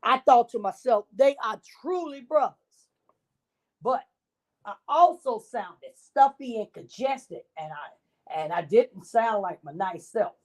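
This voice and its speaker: A woman's voice: a little high, animated, slow pace, darkish tone. A woman voicing a self-pitying male wolf who tells his own side of the story in a wheedling, innocent tone.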